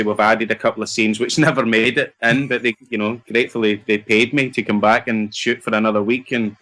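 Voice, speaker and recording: Speaking in a voice on the low side with a fairly bright tone, a middle-aged Scottish actor fields interview questions. He is chatty and self-deprecating, prone to rambling.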